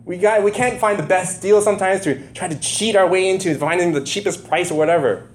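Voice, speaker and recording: A man's voice: high voice, brisk. A man preaching a conversational sermon, firing rhetorical questions at his congregation and building to emphatic, impassioned stretches. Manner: emphatic, rising to impassioned bursts. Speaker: pastor.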